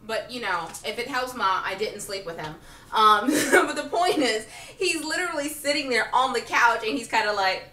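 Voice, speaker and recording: A sassy woman spins a comic personal story, her bright voice leaping up and down as she acts out every exchange. She sits well back from the mic in a roomy, echoing space. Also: high voice, brisk, recorded from a distance. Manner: animated, sassy, laughs often, acts out quotes. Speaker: vlogger.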